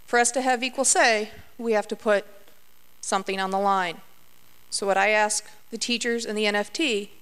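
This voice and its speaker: A woman teacher making a measured, conciliatory public comment at a school board meeting. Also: medium pitch. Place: large meeting hall. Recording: long hall reverb.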